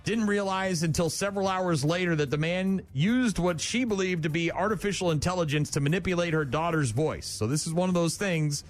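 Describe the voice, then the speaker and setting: A man's voice: high-pitched, a little fast, few pauses, faint music behind. Blunt, scornful male radio host. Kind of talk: morning radio banter, reading news.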